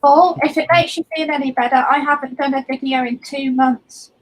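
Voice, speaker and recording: A chatty woman jokes and giggles with friends on a live stream. Her voice is high. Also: fairly even intonation, normal speed, poor audio. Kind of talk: casual chat on a live stream.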